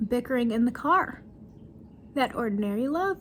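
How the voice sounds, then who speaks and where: A woman's voice: a little high, expressive, takes it slowly, fairly bright tone, slight background noise. A woman chattily recapping a movie, acting out the characters' lines with drama. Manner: chatty, dramatic retelling with acted quotes. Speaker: movie reviewer.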